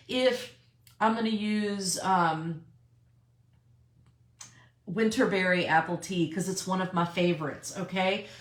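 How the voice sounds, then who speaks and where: A woman's voice: mid-range voice, a bit bright, echoey room. A woman talking casually and emphatically to her sales team in a live video from her car, repeating her key points. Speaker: direct sales team leader.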